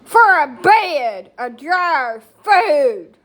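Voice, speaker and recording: Middle-aged woman, high voice, rambling, brash, crude, casual live-stream chat. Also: a little slow.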